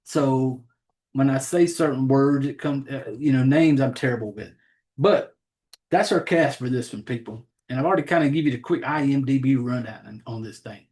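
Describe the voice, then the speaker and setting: A man's voice: medium pitch, moderate pace, a little mellow. Rambling Southern man hosting a podcast. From Southern United States. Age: adult, has a child. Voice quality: rambling, profane, self-deprecating about names. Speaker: horror podcast host. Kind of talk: casual chat.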